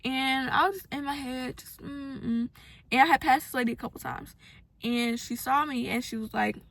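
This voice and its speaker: A woman's voice: high voice, steady tone, normal speed, a bit bright, no room sound. A young woman giving a casual, earnest motivational talk to her followers, acting out the voices of people she quotes. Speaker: self-help vlogger.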